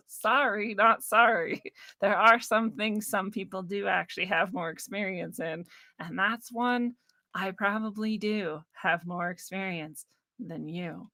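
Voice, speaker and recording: A woman's voice: medium pitch, slow pace, pushed and bright, no room sound. A woman hosting a spiritual livestream, ranting casually in a blunt, sarcastic, profane way and laughing often.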